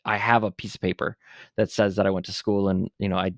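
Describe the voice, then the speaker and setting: A man's voice: deep voice, quick pace, no echo, studio quality. A man in his forties from Buffalo, New York, a veteran entrepreneur telling his story bluntly and with some profanity as a podcast guest. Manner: blunt and profane, animated retelling. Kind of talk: candid interview storytelling.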